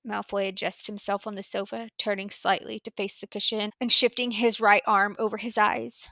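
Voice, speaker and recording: A woman narrating a fan fiction audiobook in a measured, earnest storytelling voice. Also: mid-range voice, steady tone, a bit bright, no room sound. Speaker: audiobook reader.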